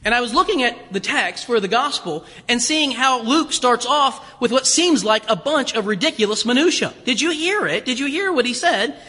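A man's voice: very high voice, expressive, normal speed, hardly any pauses, bright, forceful tone, slightly rough. A man preaching a storytelling sermon in a church, chatty and hesitant, full of fillers and restarts. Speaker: pastor. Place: church sanctuary. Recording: long reverb of a church hall.

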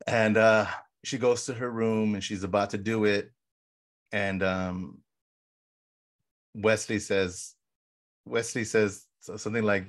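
A man co-hosting a casual podcast, excitedly retelling film scenes with lots of fillers and acted-out quotes. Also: on the low side, moderate pace. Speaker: podcast co-host. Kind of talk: casual film rewatch chat.

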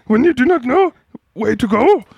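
A man's voice: extremely high pitch, expressive, normal speed, no room sound, muffled recording, voice pushed up, full character voice. A man voicing an ancient tiny green alien sage who hums and twists his word order while trying to sell a pen. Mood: croaky pitch. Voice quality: gravelly, husky. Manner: inverted word order, humming "mm" between phrases. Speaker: pen salesman in a comedy bit.

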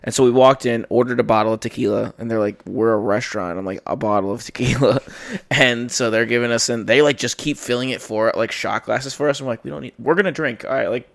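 A young man hosting a casual podcast, spinning a story with lots of "like" and swearing. He talks at an ordinary pitch and slips into quoted back-and-forth as he goes. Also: brisk, gravelly, few pauses. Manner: rambling, profane, lots of fillers and quoted dialogue. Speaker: podcast host.

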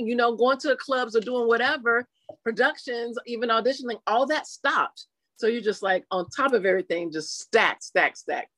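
A woman being interviewed in a casual chat, telling her story animatedly and acting out quotes in lively voices. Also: fairly high pitch, no room sound. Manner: chatty, with frequent "you know" fillers. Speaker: interview guest.

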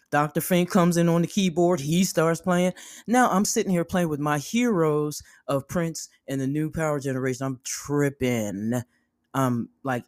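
A woman host telling a personal story with animated energy. She swears freely and jumps into the voices of the people in her story. The sound is dry and close. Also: deep voice, no room sound.

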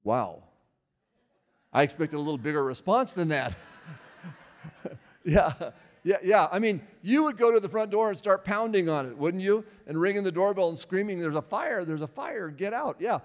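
A man's voice: high-pitched, normal speed, long pauses, long reverb tail. An older man, a pastor, preaching a sermon in a conversational way, often asking the audience questions.

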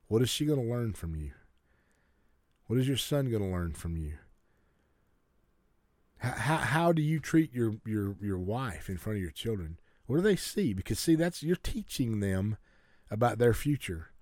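A man sermonizes to his congregation with earnest urging, stumbling and restarting his sentences as he goes. His lowish, slightly mellow voice is very animated yet a little slow with frequent pauses, recorded dry at studio quality.

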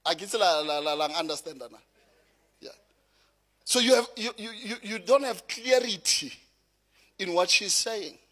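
A South African man preaching with a notably high voice for a man. He is middle-aged and tells stories from the pulpit with an easy, laughing delivery. His sermon moves between teaching and personal anecdotes. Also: normal speed, pauses often. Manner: lively storytelling, laughing through anecdotes.

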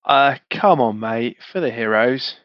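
A man's voice: medium pitch, unhurried, dry recording. A man playing a tabletop game, easygoing and often stumbling over his words. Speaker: player. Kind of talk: casual tabletop banter. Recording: dry, dull lo-fi mic.

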